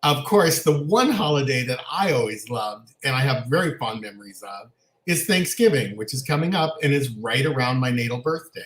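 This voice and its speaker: Animated storytelling man in an echoey room. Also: mid-range voice, normal speed. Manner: animated storyteller, laughs often. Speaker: co-host. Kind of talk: casual chat, storytelling.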